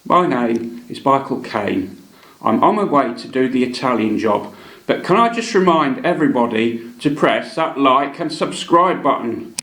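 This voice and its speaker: Man doing a drawling veteran English film star, slow and deliberate, roomy sound. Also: medium pitch, animated, fairly bright tone. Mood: deadpan. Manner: slow deliberate delivery, mock-emotional. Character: impression of a famous older English actor, male, laconic. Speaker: channel host doing an impression. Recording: echoey room.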